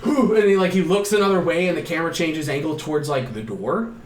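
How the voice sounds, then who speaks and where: A man co-hosting a podcast, recapping a horror film in a casual, animated way, acting out the characters with gasps and shouts and swearing often. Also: on the high side, fast talker, echoey room. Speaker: podcast co-host.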